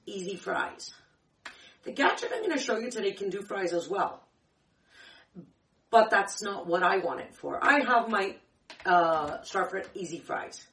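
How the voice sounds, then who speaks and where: A woman with a medium-pitched, fairly bright voice hosts a kitchen tips show, chatting casually and correcting herself as she rambles through a demo. A candy in her mouth leaves her throat a little dry, and she's recorded far from the mic in an echoey room.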